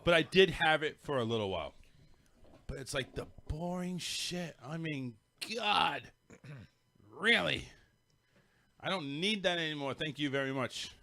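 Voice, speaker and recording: A man's voice: on the high side, measured pace, long pauses, no room sound. A man hosting a casual podcast chat, talking animatedly, joking and swearing with friends. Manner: animated, swearing, laughs often. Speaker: podcast host.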